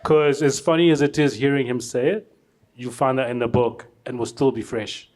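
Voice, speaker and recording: A man's voice: medium pitch, fairly even intonation, normal speed, darkish tone. Guy hosting a book talk, praising the author, a bit unsure on a name. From South Africa. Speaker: interviewer.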